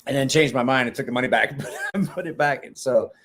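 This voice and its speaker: A man's voice: medium pitch, a little fast, fairly bright tone, slight background noise. A man hosting a knife live stream, casually telling stories with lots of swearing and laughter, then answering viewer chat off the cuff.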